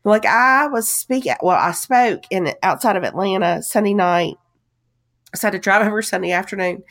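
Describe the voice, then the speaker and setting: A woman co-hosting a podcast in casual chat, her voice hoarse from a cough, telling stories with emphatic repeats. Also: medium pitch, lively intonation, normal speed, fairly bright tone. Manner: chatty storyteller, emphatic repeats. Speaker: podcast co-host.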